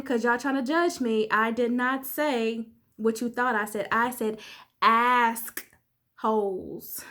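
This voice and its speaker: A woman life coach in her thirties, talking candidly and conversationally to viewers in a motivational vlog. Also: a little high. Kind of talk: casual motivational vlog talk.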